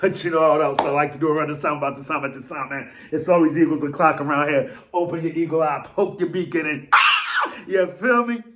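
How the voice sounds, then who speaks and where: A man rants in his fan vlog, his voice sitting high and jumping about with excitement. He rambles, drops slang and pokes fun at himself as he goes. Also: quick pace, few pauses, background noise. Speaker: vlog host.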